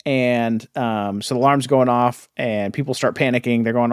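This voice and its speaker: A man co-hosting a podcast, chatting casually and laughing often. He sounds mocking and incredulous. His voice is mid-pitched and dry, recorded close on a podcast mic. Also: fairly even intonation, normal speed, clear, resonant tone, dry recording. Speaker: podcast co-host. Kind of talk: casual comic chat.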